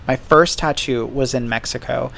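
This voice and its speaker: A man's voice: mid-range voice, steady tone, moderate pace, creaky, a bit bright. A man hosting a podcast alone, telling candid stories in casual chat and swearing freely. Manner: candid storytelling, heavy swearing. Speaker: podcast host.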